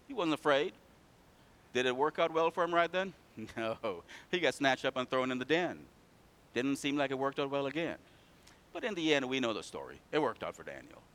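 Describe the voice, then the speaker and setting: A man preaching a sermon in church, telling stories and calling out to the congregation, swinging from loud to hushed. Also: medium pitch, big pitch swings, moderate pace.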